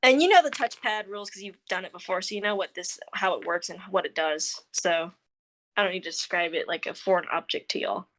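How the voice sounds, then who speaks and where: A woman's voice: mid-range voice, a little fast, fairly bright tone. A woman narrating as game master, casual and joking, with a lot of slang. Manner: giggly, loose and joking, slangy.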